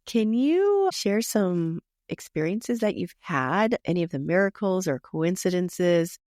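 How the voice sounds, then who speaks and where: Woman podcast host, soft and brief, dry close sound. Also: on the low side, big pitch swings, a little slow, no echo. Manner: soft, short affirmations. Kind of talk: interview.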